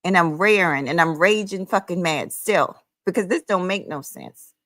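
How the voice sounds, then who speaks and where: A woman's voice: fairly low pitch, expressive, normal speed, a bit bright, no echo. A woman hosting her own livestream, ranting heatedly in a sassy, profane, scolding way, calling listeners honey and child. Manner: emphatic, with frequent "honey" and "child". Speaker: livestream host.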